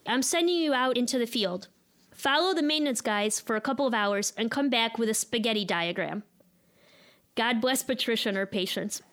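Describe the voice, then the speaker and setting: Woman, 30s, Chicago accent, live storyteller, self-deprecating and candid, slightly high voice. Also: normal speed, fairly bright tone.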